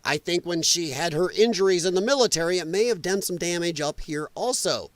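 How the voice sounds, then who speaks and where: A middle-aged Illinois man hosts a live political commentary stream, speaking briskly in a high-pitched voice with no echo. Animated and profane, he laughs often and keeps slipping into sarcastic, mocking imitations.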